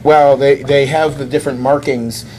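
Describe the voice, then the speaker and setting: A man hosting a podcast, casually retelling a comic story as a lively storyteller. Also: medium pitch, normal speed, a little hiss or hum. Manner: lively storyteller who acts out quoted lines. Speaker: podcast host.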